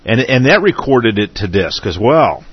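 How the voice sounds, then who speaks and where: A man's voice: mid-range voice, very animated, normal speed, breathy edge. A man with a weak, still-recovering voice, chatting as co-host on an internet radio show and stumbling over his words as he rambles. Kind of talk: casual internet radio chat. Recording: dull lo-fi call audio.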